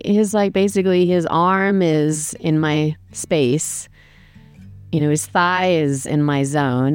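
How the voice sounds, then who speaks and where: A woman with a notably low voice tells a rambling travel story in a loose, chatty way. She fills her talk with "like" and "you know" and laughs at herself. Soft guitar music plays faintly behind her. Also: clean tone. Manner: chatty, self-deprecating, lots of fillers. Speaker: podcast host telling a travel story. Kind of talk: casual storytelling monologue.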